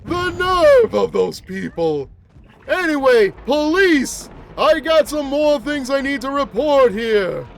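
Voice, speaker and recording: A man's voice: extremely high pitch, sing-song, slow pace, gravelly, full character voice. A man doing a cranky old monster. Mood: grumbling. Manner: grumbling, rambling complaints with groans. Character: cranky rambling old man, a mutated flower-headed monster. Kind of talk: gameplay roleplay commentary.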